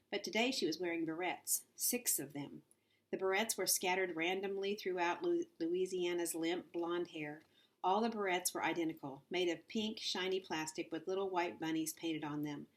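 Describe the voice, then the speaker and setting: Woman reader, lowish voice, relaxed storybook narration. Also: moderate pace. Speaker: audiobook reader. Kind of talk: reading a children's novel aloud.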